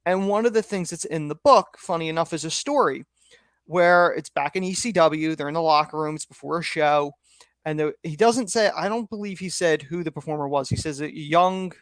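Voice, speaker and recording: A man co-hosting a podcast, telling a story in a lively way and laughing often. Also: a little high, dry recording, clean studio sound. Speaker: podcast co-host. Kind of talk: casual chat, anecdote telling.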